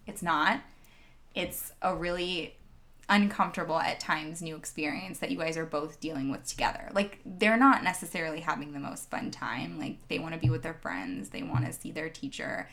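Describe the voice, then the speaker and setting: A woman's voice: low voice, moderate pace, creaky, a bit bright. A woman, a former teacher, giving a reflective interview answer in an earnest, conversational way with many fillers.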